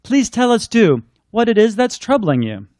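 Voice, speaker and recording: A man's voice: high-pitched, very animated, normal speed, darkish tone, no echo, studio quality, pitched above the performer's own voice. A man voicing a brave, matter-of-fact little girl in a picture book he reads aloud.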